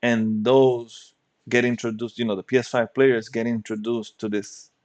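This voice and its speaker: Chatty male podcast host, mid-pitched. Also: flat delivery, normal speed, darkish tone. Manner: chatty, thinks aloud with restarts. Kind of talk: casual podcast chat.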